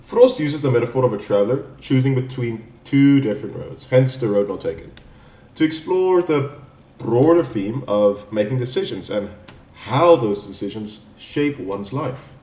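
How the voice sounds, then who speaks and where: A man with a mellow, dark voice talks through a poem analysis for an assignment, explaining step by step and often stopping to restart a word. He sits a little back from the mic, and the room around him rings with echo. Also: mid-range voice, expressive, normal speed. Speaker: student presenter. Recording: echoey room, distant mic.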